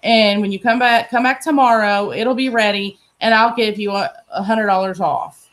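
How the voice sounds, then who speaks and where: A woman's voice: medium pitch, fairly even intonation, normal speed, a bit bright, natural voice. A woman quoting a brash male rental car manager in an offhand, dismissive way.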